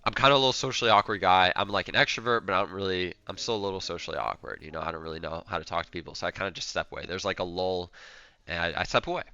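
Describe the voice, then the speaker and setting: Young male streamer, rambling storyteller who acts out quotes, a bright edge on a lowish voice. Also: racing, clear, resonant tone, muffled recording. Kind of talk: casual storytelling.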